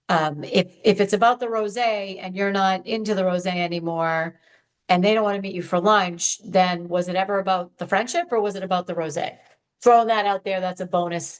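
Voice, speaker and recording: A woman hosting an advice podcast, talking in a chatty, animated way straight to her listeners. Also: lowish voice. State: hopped up on sugar. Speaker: podcast host. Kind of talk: upbeat advice podcast monologue.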